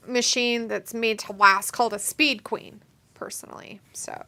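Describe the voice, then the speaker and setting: Casual co-host: woman, bright and a bit high, blunt and profane, chatting at home. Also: fairly even intonation, a little slow, clean tone. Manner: blunt, swears freely. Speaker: co-host of a watch-along. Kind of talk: casual chat. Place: home, indoors.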